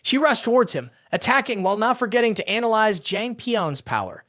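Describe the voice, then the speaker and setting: Lively high-voiced male narrator. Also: brisk, no room sound, studio quality. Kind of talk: scripted story recap narration.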